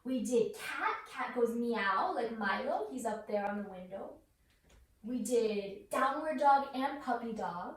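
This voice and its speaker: A woman's voice: fairly high pitch, animated, unhurried. A young woman leads a yoga class with a toddler at home, coaxing the child in a sing-song voice. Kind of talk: playful class led with a toddler. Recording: roomy echo, voice from far off the mic.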